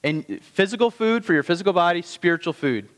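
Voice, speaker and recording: Male pastor, sermon; slightly high voice, conversational delivery with slow emphasis, long hall reverb. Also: animated, fairly bright tone.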